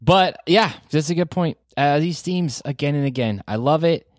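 An animated man in his forties hosts a casual movie podcast. He rambles with real enthusiasm. His voice sits close and dry on the mic, with no room sound. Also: fairly high pitch, normal speed, no echo. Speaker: podcast host. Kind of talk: casual movie review chat.

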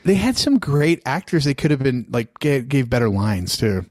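A man's voice: mid-range voice, moderate pace, no room sound, studio quality. Man animatedly riffing on a movie. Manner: animated storytelling, acts out scenes. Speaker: podcast co-host. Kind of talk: casual film discussion.

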